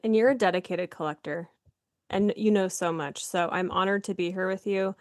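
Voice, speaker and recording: A woman's voice: on the low side, fairly even intonation, normal speed, no room sound, studio quality. A woman from Nebraska co-hosting a podcast, talking in a chatty, rambling way with frequent giggles. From Nebraska, United States. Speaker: podcast co-host. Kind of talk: casual chat.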